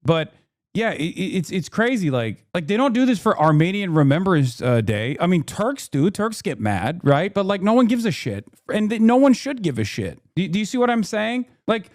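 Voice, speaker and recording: Male streamer, sarcastic ranter, pitch sits a touch high; jumps loud when mocking. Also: very animated, moderate pace, no room sound, studio quality. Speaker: streamer reacting to clips. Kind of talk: casual profane commentary.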